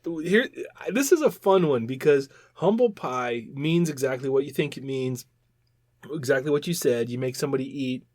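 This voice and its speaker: A man co-hosting a podcast in casual chat, animated and rambling, often repeating words as he explains. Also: mid-range voice, normal speed, no echo, clean studio sound. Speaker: podcast co-host.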